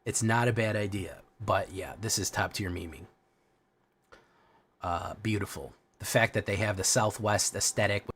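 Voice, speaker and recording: Casting: laid-back, slightly low-voiced male streamer, rambling chat and casual swearing. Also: normal speed, a bit bright, husky. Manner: chatty, rambling, swears casually, thanks viewers. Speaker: game streamer.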